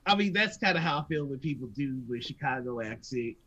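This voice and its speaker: A woman's voice: extremely low pitch, lively intonation, brisk, fairly bright tone, highs cut off. An American woman hosting a live stream, chatting casually, laughing often and stammering. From United States. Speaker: stream host. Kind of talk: casual chat.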